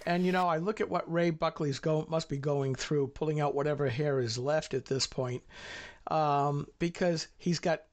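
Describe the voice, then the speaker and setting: A middle-aged man with a slightly higher voice co-hosts a political talk show. He rambles in a folksy way and often stops to restart his sentences. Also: fairly even intonation, moderate pace.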